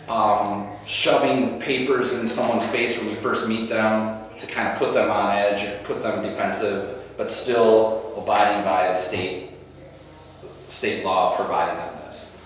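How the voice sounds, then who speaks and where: A man with a lowish voice leads a real estate training session and explains each step in plain, practical terms. He is recorded from a distance, and a long, roomy reverb hangs on every word. Faint room ambience sits underneath. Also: measured pace, slight background noise. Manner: practical, conversational, walks through forms step by step. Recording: echoey room from far off.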